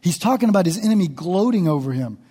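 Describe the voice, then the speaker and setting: Man, pastor, impassioned sermon, mellow tone, long echoing reverb in a church. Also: sits high, expressive, quick pace, breathy edge. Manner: impassioned, dramatically voicing the psalmist's laments. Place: church sanctuary.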